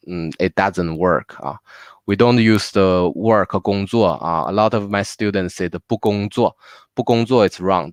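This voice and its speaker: Low smooth voice, man w teaching online, dry close sound. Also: no echo. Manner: patient, drills words aloud with many fillers. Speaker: Mandarin teacher. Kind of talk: live online language class. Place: home.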